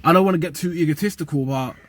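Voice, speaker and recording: A young vlogger from the UK and Nigeria talks casually and animatedly to camera in street slang. His voice is a little high and rapid-fire.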